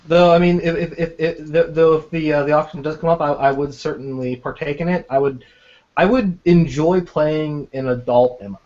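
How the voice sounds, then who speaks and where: A man's voice: fairly high pitch, steady tone, moderate pace, darkish tone. A man chatting casually on a podcast about a tabletop game, often stammering and repeating words. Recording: dull lo-fi sound.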